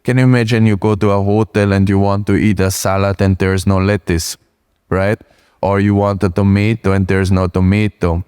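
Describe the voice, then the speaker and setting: A man's voice: on the low side, flat delivery, normal speed, a little mellow, smooth. A middle-aged man with an Austrian German accent, a speaker answering audience questions. He talks in short phrases, often tagging "right?" or "you know" at the end. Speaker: invited speaker, farmer.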